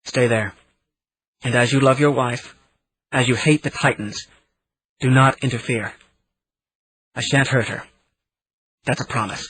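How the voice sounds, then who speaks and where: A man reading an audiobook, voicing a grizzled old man who speaks quietly, gently but firmly. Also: medium pitch, fairly even intonation, measured pace, pauses often, a little hiss or hum, close to an everyday voice, rough recording. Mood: fierce hushed. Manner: quiet, gentle yet commanding.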